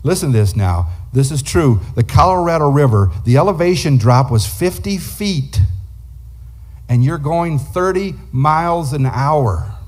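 Husky-voiced man preaching a story. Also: medium pitch. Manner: animated storyteller acting out quotes. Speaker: guest preacher. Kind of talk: sermon storytelling.

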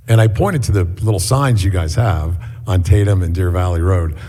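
A middle-aged man giving a sermon as a guest preacher in a church, telling stories in a relaxed, chatty way with many fillers. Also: low-pitched, quick pace, husky. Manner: conversational storytelling with many fillers. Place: church hall. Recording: echoey hall.

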